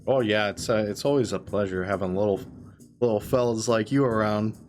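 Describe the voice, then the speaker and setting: A man's voice: on the low side, fairly quick, darkish tone, faint music behind, lightly acted. A man doing an easygoing Canadian moose giant. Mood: friendly. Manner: easygoing, hesitant, folksy. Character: friendly giant male moosefolk traveler.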